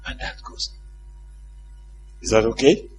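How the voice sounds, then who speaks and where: A man's voice: slow pace, slight background noise. A male preacher giving a conversational sermon, often putting questions to his congregation and laughing at his own stories.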